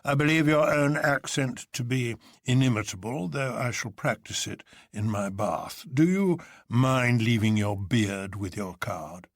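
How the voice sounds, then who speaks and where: A man's voice: mid-range voice, unhurried, hardly any pauses, no echo, clean studio sound. A man voicing a huge, commanding older man who presides over an anarchist council, drawling with grand mockery.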